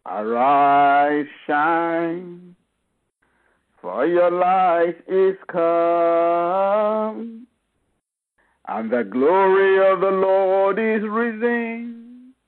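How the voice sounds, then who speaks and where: A male preacher slowly chanting a blessing, drawing out each word. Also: high voice. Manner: slow, drawn-out declarations. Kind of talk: chanted blessing over music. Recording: phone-like radio sound.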